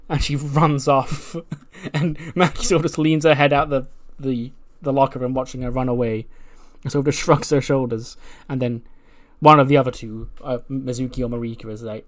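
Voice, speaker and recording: A man narrates his game save in a casual, chatty recap. His voice sits at a middle pitch, and he chuckles often and fills pauses with loose fillers. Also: steady tone. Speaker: let's play narrator.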